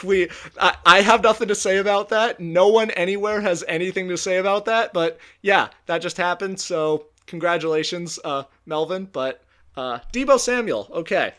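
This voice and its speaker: A man's voice: high-pitched, normal speed, bright, forceful tone. A young man co-hosting a casual sports podcast, rambling and self-mocking as he talks. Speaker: podcast co-host.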